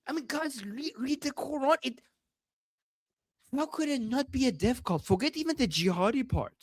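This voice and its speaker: A man's voice: very high-pitched, expressive, moderate pace, dry recording. Heated man ranting. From Iran. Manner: heated, profane, often shouting. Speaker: host. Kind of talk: livestream commentary.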